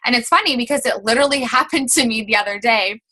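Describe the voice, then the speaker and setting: Young woman team leader, casual coaching talk; bright and a bit high, chatty, acts out example messages. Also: fast talker. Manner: chatty, many fillers, acts out quoted messages.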